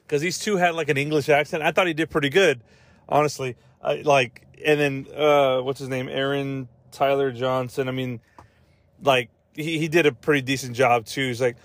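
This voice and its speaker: Rambling, swearing podcast host, dry sound. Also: male voice, medium pitch, steady tone, normal speed, dry recording. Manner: rambling, profane, full of fillers and asides. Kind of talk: casual movie-review chat.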